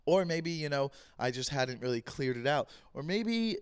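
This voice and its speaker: A man hosting his own podcast in a loose, jokey monologue, repeating himself, his voice a bit rough this week. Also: a little high, big pitch swings, normal speed, no room sound. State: voice a bit rough, clearing throat. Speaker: podcast host. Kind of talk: casual solo podcast monologue.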